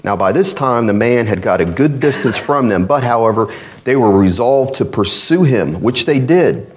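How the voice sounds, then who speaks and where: Guy preaching a sermon, reads old-timey text with big dramatic rises, mid pitch voice. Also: lively intonation, moderate pace. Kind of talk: sermon reading aloud from an allegory.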